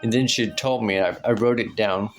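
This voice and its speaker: Man, low voice, rambling casual anecdote, lots of fillers, faint music behind. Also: a little fast. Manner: rambling, with many fillers and tag questions. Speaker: storyteller recounting a personal experience.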